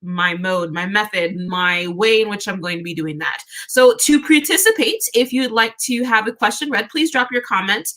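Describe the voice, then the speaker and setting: A woman's voice: mid-range voice, moderate pace, hardly any pauses, fairly bright tone. A woman hosting a live tarot reading stream, chatting casually and upbeat, greeting viewers by name and often restarting her phrases.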